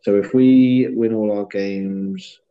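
A man with a Shropshire accent co-hosting a casual football podcast, chatty and quick to laugh at himself. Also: fairly low pitch, steady tone, lo-fi sound. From Shropshire, England. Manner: chatty, laughs often, self-mocking. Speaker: podcast co-host.

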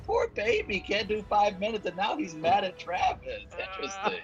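A man's voice: sits high, huge pitch swings, moderate pace, highs cut off, faint music behind. A man co-hosting a radio show from another city, teasing and laughing easily. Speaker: radio co-host calling in remotely. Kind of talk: casual radio banter.

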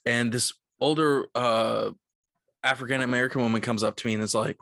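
Give me a young man with a bright edgy voice telling a profane, animated story on a podcast. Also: medium pitch, brisk, gravelly, dry recording, studio quality. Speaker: podcast co-host. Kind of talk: casual storytelling.

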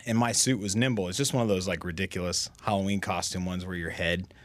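Middle-aged guy with a really low voice, rambling self-deprecating stories in a podcast chat. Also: steady tone, a bit bright, no room sound. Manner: self-deprecating, halting with many restarts. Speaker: guest. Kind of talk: casual storytelling in a podcast chat.

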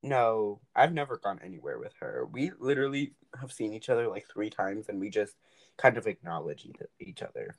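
A man's voice: on the low side, sing-song, normal speed. A young man co-hosting a podcast, telling rambling stories in a casual chat and laughing often, recorded over a call. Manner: rambling, giggly storytelling. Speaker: podcast co-host.

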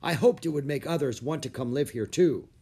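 A man voicing a gruff, burly Viking chieftain in a storybook reading. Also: mid-range voice, brisk, mellow, voice pushed up, natural voice. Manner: gruff, commanding.

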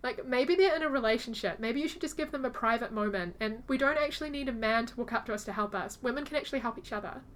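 A woman's voice: a little high, fast, few pauses, slight background noise. A woman co-hosting a casual podcast chat, telling stories animatedly and acting out the people she quotes. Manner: animated storytelling, acts out quoted voices. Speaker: podcast co-host.

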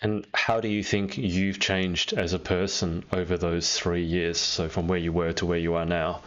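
A man's voice: low-pitched, level tone, moderate pace, fairly bright tone, muffled recording. A man hosting a live online interview, asking questions and reading out viewer comments. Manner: reads viewer comments aloud, friendly prompting. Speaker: host.

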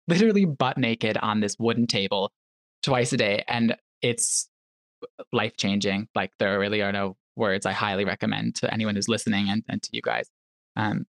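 A man's voice: on the low side, dry recording, clean studio sound. A young man as a podcast guest, casually telling a personal story and acting out what people said. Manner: animated storyteller who acts out quotes.

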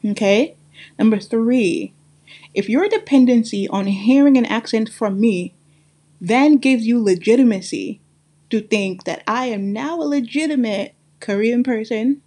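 A woman's voice: fairly high pitch, dark tone, breathy edge. A woman host from Brooklyn with a mixed Guyanese and New York accent, talking straight to her listeners in a casual monologue, emphatic and repeating phrases for stress. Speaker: podcast host.

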